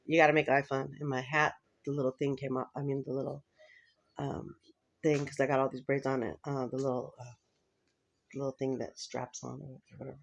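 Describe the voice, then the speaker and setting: A woman's voice: extremely low pitch, little pitch movement, fairly quick, gravelly, lo-fi sound. A woman vlogger talking in a rambling, casual chat to camera, laughing often between thoughts.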